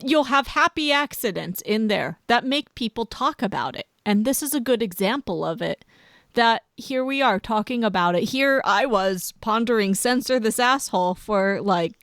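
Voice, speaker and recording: A woman hosting a podcast interview, curious and quick to laugh. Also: a little high, lively intonation, a bit bright, no echo, studio quality. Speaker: podcast host.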